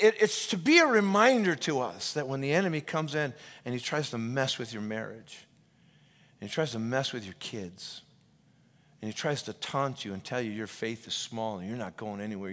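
A male pastor preaching a sermon, retelling scripture stories with lively energy and many restarts and repetitions. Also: mid-range voice. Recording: long reverb of a large hall.

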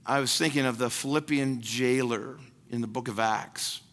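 A man's voice: mid-range voice, moderate pace, a bit bright. A man preaching a sermon as pastor. He speaks emphatically, repeats key phrases, and acts out prayers and other people's words. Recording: long hall reverb.

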